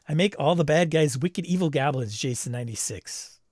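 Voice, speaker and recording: Guy hosting a livestream, reads chat out loud, laughs a lot, dry close mic. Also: a little high, moderate pace, dry recording. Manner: reads viewer comments aloud, laughs often. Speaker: livestream host reading chat. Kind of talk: casual chat.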